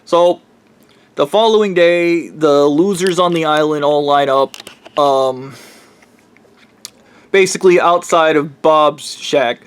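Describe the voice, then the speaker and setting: A man's voice: a little high, slow, pauses often, clean tone. A man telling a long story in a casual, rambling way, blunt and full of profanity.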